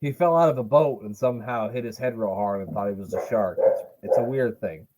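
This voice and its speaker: A lowish-voiced man talks fairly quickly over heavy background noise, co-hosting a wrestling podcast. He's an adult who watched as a kid in 1995, and he chats casually while watching wrestling, joking and swearing now and then.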